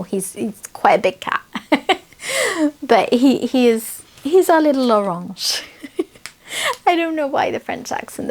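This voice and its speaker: A woman from the United Kingdom hosting a casual craft channel, chatting enthusiastically at home as she unboxes kits. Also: mid-range voice. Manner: chatty, enthusiastic, laughs often.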